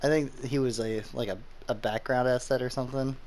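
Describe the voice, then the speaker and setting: A man hosting a casual let's play, joking lively with his co-player. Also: mid-range voice, brisk. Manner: lively, joking, reads game dialogue aloud. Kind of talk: casual gameplay chat. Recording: faint music behind.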